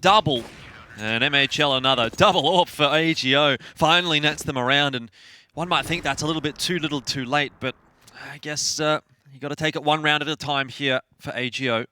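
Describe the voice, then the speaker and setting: A man commentating an esports match in a measured, relaxed way with dry humor. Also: fairly high pitch, clear, resonant tone. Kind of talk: analytical commentary.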